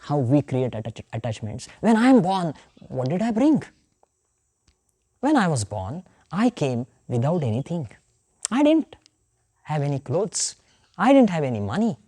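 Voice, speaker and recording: A woman with an Indian accent giving a spiritual lecture, telling a story in an animated way and acting out the characters' voices. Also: low voice. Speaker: yoga and scripture teacher.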